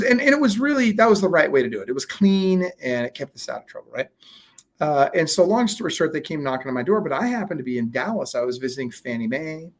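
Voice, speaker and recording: Man, interview guest, casual storytelling, animated, mid-pitched voice. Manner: animated storyteller, acts out quoted dialogue; frequent fillers and restarts. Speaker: guest, real estate coach.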